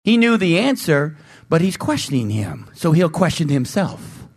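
A man's voice: on the high side, moderate pace, slightly rough. A man preaching a sermon, putting questions to the congregation and acting out the voices of the people in his story. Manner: animated, acts out voices and asks the congregation questions.

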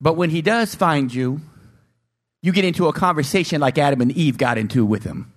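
A male preacher in full sermon, his voice pitched high and swinging widely as he speaks. He keeps putting questions to his listeners and slips into acted voices for the people in his story. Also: brisk. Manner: animated, acts out voices and asks the congregation questions.

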